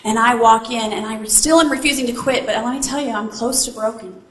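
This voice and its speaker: A woman's voice: a little high, fairly quick, fairly bright tone. A woman giving a motivational keynote, telling her story theatrically and tossing playful asides to the audience. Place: large hall with audience. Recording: echoey hall, faint ambience.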